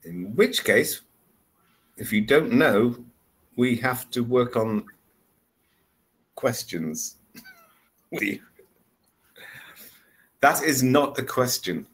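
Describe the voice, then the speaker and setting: Male English tutor on a video call, patient and unhurried, with a very animated pitch. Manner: patient, explains step by step. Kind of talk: one-on-one online lesson.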